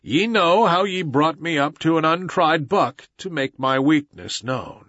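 A man's voice: on the high side, lively intonation, measured pace, a bit bright, dry recording, muffled recording. A man voicing a weary old wolf leader. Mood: solemn. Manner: weary, solemn.

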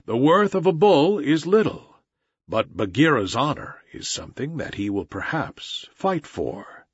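A man voicing a gentle but dangerous panther, soft-spoken and menacing, in a slightly dull recording. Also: a little high, sing-song, a little slow, slightly rough, dry recording, exaggerated voice. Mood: quiet menace.

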